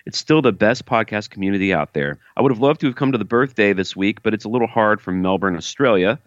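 A man's voice: on the low side, animated, quick pace, no room sound, highs cut off. A man co-hosting a podcast, reading listener emails aloud with jokey asides in casual chat.

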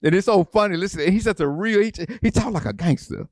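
A male pastor delivers an animated sermon. He keeps repeating phrases and throwing questions at the congregation. His voice sits a little high and is recorded dry and close. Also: fairly quick, few pauses, no echo.

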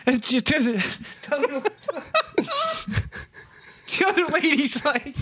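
A man's voice: very high voice, unhurried, pauses often, bright, forceful tone. A man telling crude stories in a casual, profane chat, laughing through them and leaning on "dude" and "right?". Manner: laughs through his own stories, heavy swearing. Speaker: podcast host telling stories.

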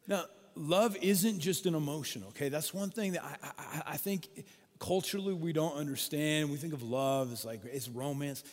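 A male pastor preaching a sermon, telling stories in an animated way and acting out the voices in them. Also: fairly high pitch, moderate pace. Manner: animated storytelling, acts out quoted voices. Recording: long hall reverb.

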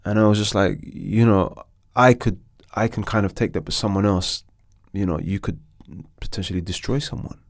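Low-voiced man telling a lively anecdote. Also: moderate pace, dry recording, studio quality. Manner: animated anecdote telling with stammered restarts. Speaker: actor guest. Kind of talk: storytelling in a podcast interview.

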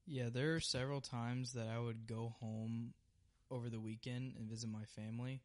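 A young man co-hosting a podcast, telling stories in a relaxed casual chat. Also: medium pitch, normal speed. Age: young adult. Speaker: podcast co-host.

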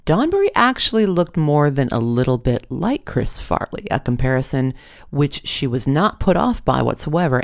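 A storyteller with a gravelly, mid-pitched voice tells a funny first-person story. The delivery is dry and wry, with deadpan asides. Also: moderate pace.

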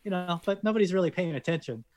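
A Canadian man with a noticeably high voice for a man talks loosely as a guest. He is animated, trips over his own openings and laughs into his points. The tone is casual and unscripted. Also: a little fast. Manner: animated, restarts often, chuckles through points. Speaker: guest, cast member of a sitcom. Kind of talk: casual conversation.

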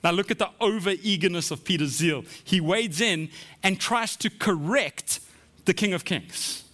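A man preaching a sermon in a conversational way, often checking in with the listeners with quick asides. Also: sits high, fairly bright tone. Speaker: pastor.

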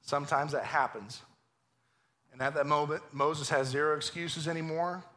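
A man preaching a lively, joking sermon in a church, acting out voices as he goes. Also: fairly high pitch, normal speed. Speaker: pastor. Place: church sanctuary.

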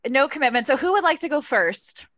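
A woman hosting a podcast party game, playful and quick to laugh. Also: high-pitched, expressive, a bit bright, no echo. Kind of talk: casual group chat.

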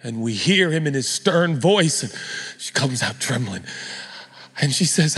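A middle-aged man preaching a sermon as pastor, animated and joking in a conversational way. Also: medium pitch, moderate pace, slightly rough, big-room sound.

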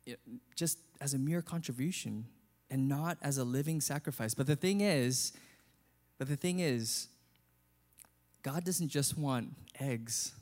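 A male pastor preaching a sermon in an earnest, conversational way. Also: medium pitch.

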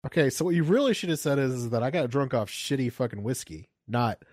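Male co-host, bantering and jokey, swears a lot, very animated delivery. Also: mid-range voice, quick pace. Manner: teasing, laughing, profane. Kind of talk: casual group chat.

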